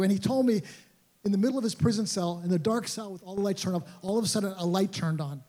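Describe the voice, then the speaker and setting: A man's voice: sits high, steady tone, quick pace, dark tone. An older man, a pastor, telling an earnest and emotional story as a sermon testimony, often repeating words.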